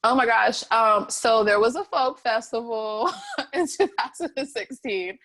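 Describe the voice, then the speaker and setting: A young woman, telling her story in an oral history interview, animated and often laughing, her voice catching with emotion. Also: on the high side, measured pace. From North Carolina, USA. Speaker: interviewee, street artist.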